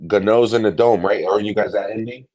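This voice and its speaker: Very deep mellow male co-host. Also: quick pace. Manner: relaxed, agreeable banter. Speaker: podcast co-host. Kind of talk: live fantasy football advice show.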